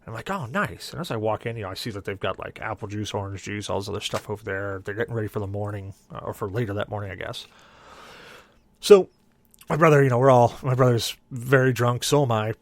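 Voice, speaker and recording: A man co-hosting a podcast, telling a long story in a casual, animated way and acting out what everyone said. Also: lowish voice, fast. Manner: animated, acts out the lines of the people in his story. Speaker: podcast co-host.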